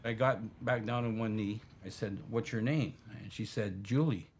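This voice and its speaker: A man's voice: on the low side, fairly even intonation, normal speed, a little mellow, a little hiss or hum. A man, a bystander who vividly retells an attack and quotes what each person said. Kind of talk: recounting a story in an interview.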